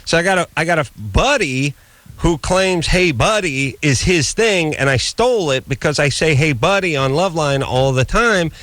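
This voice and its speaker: A man's voice: fairly high pitch, lively intonation, moderate pace, fairly bright tone, no echo. A man co-hosting a late-night call-in radio show, in casual, rambling, joking banter that mocks himself. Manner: rambling, joking, self-mocking.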